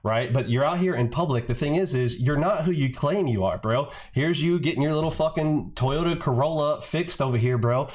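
A man's voice: a little high, a little fast, hardly any pauses. Male host, angry profane reaction rant, mocking and insulting throughout. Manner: profane, mocking, repeats "bro". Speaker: trading channel host.

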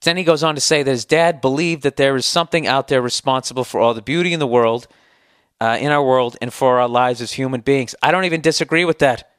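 A man's voice: medium pitch, fast, a bit bright, clear, resonant tone, no echo, studio quality. A man hosting a solo podcast, answering listener email in a heated, sarcastic, profane rant. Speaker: podcast host.

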